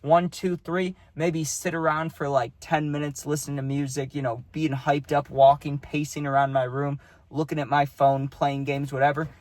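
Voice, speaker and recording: A man's voice: fairly high pitch, little pitch movement, normal speed, a little mellow, no echo. A young man telling a personal story in a loose, profane, rambling way, full of fillers, recorded close to the mic. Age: young adult. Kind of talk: casual storytelling.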